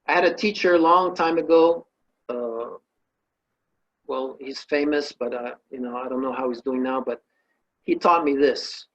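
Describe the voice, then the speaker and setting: A man's voice: mid-range voice, measured pace, lo-fi sound. A man giving an emphatic spiritual talk, telling a parable and listing emotions with rising force. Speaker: spiritual teacher.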